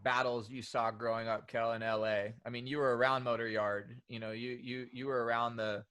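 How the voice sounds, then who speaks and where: A male podcast host with an ordinary mid-pitched voice. He talks casually and jumps in with quick, eager affirmations while his guest talks. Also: level tone, a bit bright, clean tone. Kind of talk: casual interview chat.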